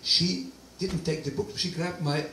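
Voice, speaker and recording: A man giving a personal testimony talk, animated storytelling with quoted dialogue, in a hall. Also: a little high, measured pace, slight background noise. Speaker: guest speaker. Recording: roomy distant hall recording, faint ambience.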